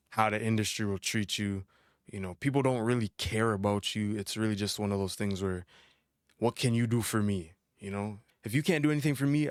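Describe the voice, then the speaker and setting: Young male reaction host, low voice, dry close sound, animated slangy chat. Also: dry recording. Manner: animated and chatty, with slang and frequent laughs. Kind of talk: casual album reaction commentary.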